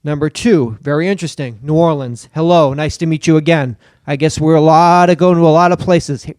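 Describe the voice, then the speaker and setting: A man on a comedy podcast, his voice sitting a touch high, riffing loosely and cursing freely. He keeps breaking into silly put-on voices. The mic is close and the sound is dry, with no room around it. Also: fairly even intonation, a little fast, a little mellow, clear, resonant tone, no echo. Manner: riffing, profane, slips into goofy put-on voices. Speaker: podcast co-host. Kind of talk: casual comedic banter.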